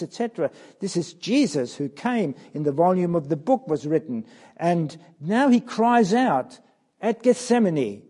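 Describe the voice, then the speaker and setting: A man delivers a sermon at an unhurried pace, his voice mellow and slightly higher than most men's. He reads scripture with rising emphasis and sinks into hushed tones on key lines. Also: very animated. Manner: slow, reading scripture aloud with swelling emphasis; drops to soft, hushed tones on key phrases. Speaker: preacher.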